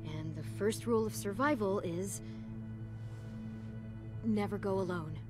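Clementine, an actress voicing a hushed, protective teenage girl survivor. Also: medium pitch, a little slow, music in the background, lightly acted. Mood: resolute. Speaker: video game character. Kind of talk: game cutscene acting. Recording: game audio over loud score.

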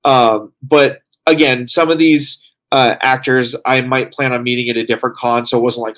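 A man's voice: mid-range voice, steady tone, moderate pace, fairly bright tone. A tired man co-hosting a casual podcast chat, rambling along with lots of fillers as he reports back. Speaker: co-host reporting from a convention.

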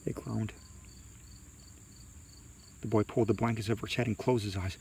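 Gravelly man reading a spooky story. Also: fairly low pitch, little pitch movement, a little fast, darkish tone, a little hiss or hum.

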